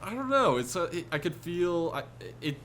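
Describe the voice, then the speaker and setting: A man's voice: sits high, sing-song, moderate pace, fairly bright tone, a little hiss or hum. A man co-hosting a podcast, giving his views on a film in a rambling, hesitant casual chat with many fillers. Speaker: podcast co-host. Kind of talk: casual movie review chat.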